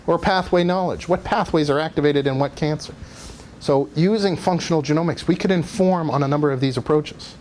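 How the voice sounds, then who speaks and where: Man lecturing on science, slightly high voice. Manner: explanatory, asks audience questions, some fillers. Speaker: guest lecturer. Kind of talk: academic lecture. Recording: faint background noise.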